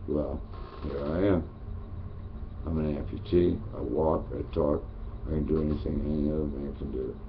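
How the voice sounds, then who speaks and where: A man delivering a profane, preachy political rant, dropping to a mutter and then rising to a shout. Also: very deep voice, creaky. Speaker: online ranter. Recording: dull lo-fi sound with faint noise.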